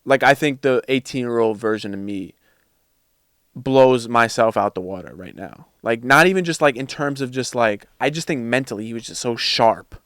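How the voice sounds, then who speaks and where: A man's voice: medium pitch, normal speed, a bit bright, clean tone, dry recording, clean studio sound. A man talking casually as a podcast guest, reflective and searching for his words.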